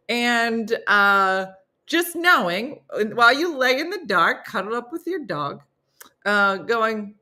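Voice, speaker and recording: A woman's voice: a little high, pushed and bright. A middle-aged woman hosting a casual live morning chat, laughing often and talking playfully to her viewers. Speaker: host of a live morning show.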